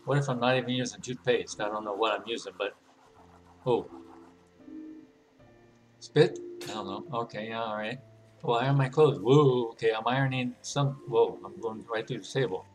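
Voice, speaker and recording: A man's voice: mid-range voice, normal speed, pauses often, faint music behind. A man giving casual, playful commentary while playing a game, thinking aloud and laughing often. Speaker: gaming channel host.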